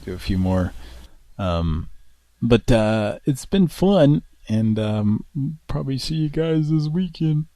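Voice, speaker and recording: A man's voice: mid-range voice, expressive, slow, warm tone, dry recording. A man hosting a livestream in casual chat, laid-back and joking, trailing off with fillers. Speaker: livestream host.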